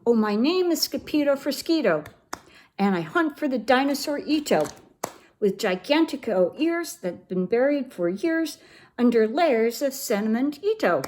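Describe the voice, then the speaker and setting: Woman doing an excitable Siamese kitten boy. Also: medium pitch, normal speed, slight background noise. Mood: playful. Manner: exaggerated Spanish accent put on.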